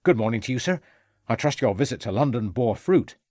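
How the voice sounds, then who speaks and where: A man's voice: mid-range voice, lively intonation, a little fast, a little mellow, no room sound, clean studio sound, close to an everyday voice. Man doing a courteous police sergeant. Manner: respectful, formal.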